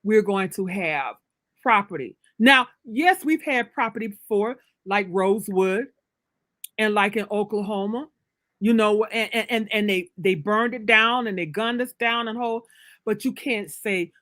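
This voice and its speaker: A woman's voice: mid-range voice, unhurried, a bit bright, no echo. Emphatic preacherly woman storyteller. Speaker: author, guest. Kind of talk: casual livestream interview.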